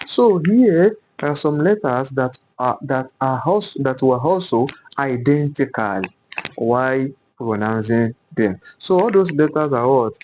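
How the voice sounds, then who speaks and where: A man's voice: mid-range voice, animated, a little mellow, dull audio, slight background noise. A man teaching a Qur'an pronunciation lesson at a board, repeating each letter sound several times and often asking himself "what?" before giving the answer. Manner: slow, repetitive, drills each sound aloud; asks rhetorical "what?" questions. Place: classroom with a board.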